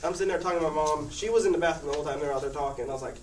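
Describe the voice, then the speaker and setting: A man's voice: fairly high pitch, very fast. A teenage boy telling a rambling personal story to his class, laughing often as he talks. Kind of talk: casual personal anecdote. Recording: echoey room, far-off mic, noisy.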